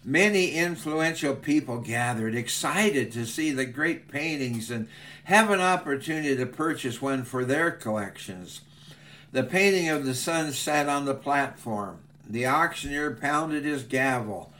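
A male preacher telling an illustration in a sermon, with measured, earnest narration. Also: medium pitch, expressive, a bit bright. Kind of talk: sermon storytelling.

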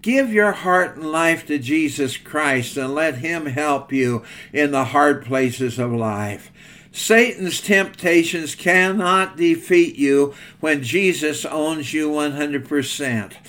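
A man's voice: a little high, slow pace, a bit bright. An older man preaching a sermon in a folksy, earnest storytelling manner.

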